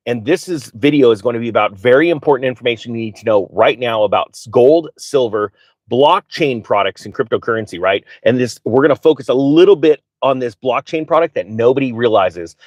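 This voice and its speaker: An excitable man hosts a live finance stream in a dry, close-miked sound with no room around him. He talks off the cuff, stumbles and restarts his sentences, and keeps turning to the viewers and asking them to answer him. His pitch sits in the middle range. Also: fairly quick, dry recording. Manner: excitable, restarts and stutters often; direct, addresses viewers and asks them to type answers. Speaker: finance livestream host. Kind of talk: live unscripted finance talk.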